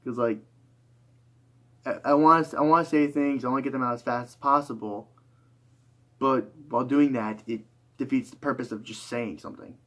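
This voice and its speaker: A man's voice: medium pitch, fairly even intonation, normal speed, long pauses, fairly bright tone. Tired young man, rambling. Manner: rambling with many fillers and restarts. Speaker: YouTuber. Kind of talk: reflective casual monologue.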